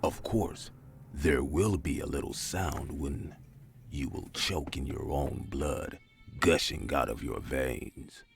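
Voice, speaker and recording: A man voicing a creepy, menacing male stalker with a coarse, hushed voice, speaking slowly and threateningly. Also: extremely low pitch, creaky, faint music behind, pitched below the performer's own voice, exaggerated voice. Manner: slow, threatening, drawn-out.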